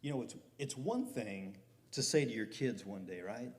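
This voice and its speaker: A man's voice: fairly low pitch, normal speed. A middle-aged man preaching a conversational sermon as pastor, building to emphatic peaks.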